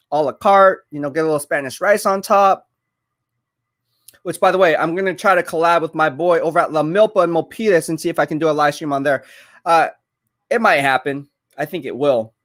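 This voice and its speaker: A man's voice: on the high side, moderate pace, fairly bright tone. Chatty young man live-streaming. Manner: chatty, reads viewer comments aloud, rambling. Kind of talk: casual live-stream chat while eating.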